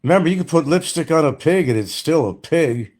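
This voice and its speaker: Fast-ish and animated, with a high-leaning, darkish voice, an older retired man hosts a loose, rambling livestream. He's blunt and profane, laughing frequently as he mocks others.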